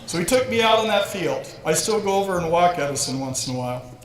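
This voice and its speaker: A man's voice: high voice, lively intonation, quick pace, a crowd in the background. A man in his sixties giving a humorous, self-deprecating induction speech full of stories. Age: 60s. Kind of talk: storytelling speech. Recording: echoey hall with faint ambience.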